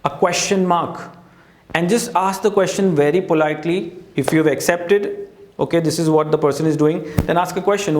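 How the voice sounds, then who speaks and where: A man's voice: on the high side, moderate pace, darkish tone, roomy sound. A man giving a life-coaching talk at a teaching board, earnest and direct, often saying "you know".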